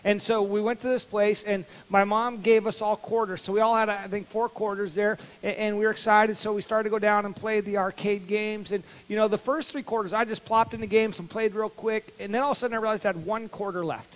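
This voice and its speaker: High-voiced animated pastor telling a story. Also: male voice, brisk, hardly any pauses, big-room sound, rough recording. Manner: animated, acts out childhood voices. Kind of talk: storytelling sermon. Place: church sanctuary.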